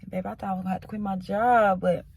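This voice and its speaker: A woman's voice: mid-range voice, steady tone, fast, gravelly, a little mellow, husky, dry recording. A young woman vlogging to her viewers from inside her car, chatty and openly emotional as she talks to them directly. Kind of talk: casual chat to camera.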